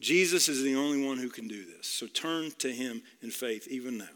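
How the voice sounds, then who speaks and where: A man's voice: mid-range voice, normal speed, a bit bright, in a large hall. A man preaching a sermon in an earnest way, repeating key phrases and appealing directly to his listeners. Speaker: pastor.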